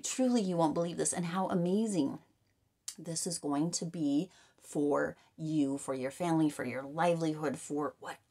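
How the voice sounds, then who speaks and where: A woman giving an excited tarot reading, gushing and repeating herself, often dropping into breathy whispers and running out of breath. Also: lowish voice. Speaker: tarot reader.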